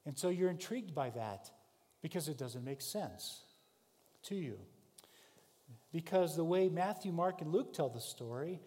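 A man delivers a sermon as a vivid story told to the listener, swinging between raised, shouted passages and quiet, hushed ones. His voice sits a little high with a mellow, dark tone. The sound carries the long reverb of a large hall. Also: lively intonation, a little slow, long pauses. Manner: vivid second-person storytelling, shifting from shouts to hushed tones. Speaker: preacher.

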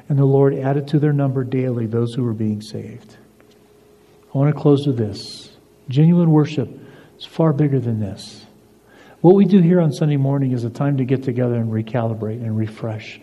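Older pastor preaching, dark mellow voice. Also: male voice, mid-range voice, moderate pace. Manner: storytelling, shifts between emphatic and soft confiding delivery. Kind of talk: sermon. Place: church sanctuary. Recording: dull lo-fi recording in a reverberant church hall.

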